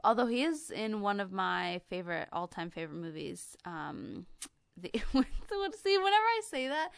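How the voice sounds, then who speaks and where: A woman's voice: medium pitch, sing-song, normal speed, gravelly, clear, resonant tone, no echo, clean studio sound. A young American woman co-hosting a podcast, chatting casually and trailing off with lots of fillers. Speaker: podcast co-host. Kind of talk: casual chat.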